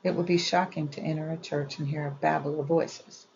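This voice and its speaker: A woman reading an old etiquette book aloud in a measured, even way. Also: low voice, creaky, muffled recording, slight background noise. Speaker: audiobook reader.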